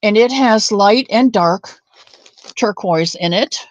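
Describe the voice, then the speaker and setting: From her home craft room, a woman hosts a casual crochet livestream, chatting with viewers by name and drifting into side stories. Her mid-range voice takes things slowly, and the lo-fi recording has no echo.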